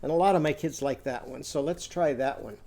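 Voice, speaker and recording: A teacher leading a phonics lesson for young children, chanting in a sing-song call-and-response with drawn-out vowels. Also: medium pitch, warm tone.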